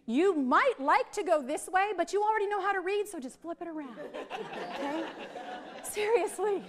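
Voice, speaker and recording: A middle-aged woman, leading a lively, chatty teacher training workshop for a group in a training room. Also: very high-pitched, normal speed, crowd noise. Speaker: literacy trainer.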